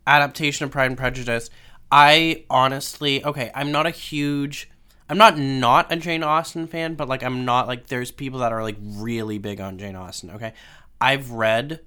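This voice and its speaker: A man's voice: mid-range voice, bright, forceful tone. A young man chatting casually to his followers, rambling and gushing with plenty of swearing. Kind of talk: casual chat to camera.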